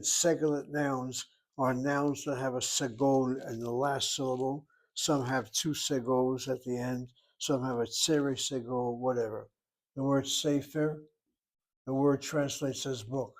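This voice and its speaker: A man teaching an informal class, talking through grammar step by step. His voice sits at an ordinary middle pitch, and he thinks aloud as he explains. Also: low-quality recording. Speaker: Hebrew teacher. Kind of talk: informal recorded class lesson.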